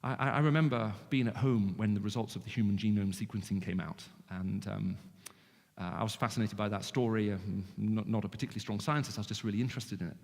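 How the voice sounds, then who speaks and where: A man with a British English accent who grew up in the Middle East, giving an animated, joking evangelistic talk to students with frequent restarts. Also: lowish voice, fast talker, vocal fry. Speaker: guest speaker. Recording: long hall reverb.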